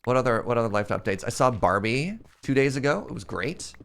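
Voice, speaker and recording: A man's voice: mid-range voice, animated, brisk, vocal fry, slight background noise. A young man streaming a game, chatting casually and joking as he answers chat questions. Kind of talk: casual live-stream chat while playing.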